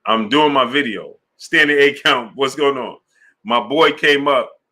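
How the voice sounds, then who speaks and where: Bright-voiced man hosting a live stream. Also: mid-range voice, a little slow. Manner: laid-back, slang-heavy, shouting out viewers. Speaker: sports channel host. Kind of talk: casual live-stream chat reading super chats.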